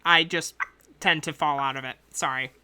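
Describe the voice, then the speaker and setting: A woman's voice: sits low, steady tone, moderate pace, bright, forceful tone. A woman game master making casual, apologetic asides out of character. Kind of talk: out-of-character chat at a tabletop game.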